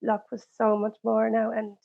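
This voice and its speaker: A woman guest with a slightly high voice is close to tears and speaks haltingly, filling pauses with ums. Her audio sounds muffled and lo-fi. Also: completely flat delivery, vocal fry.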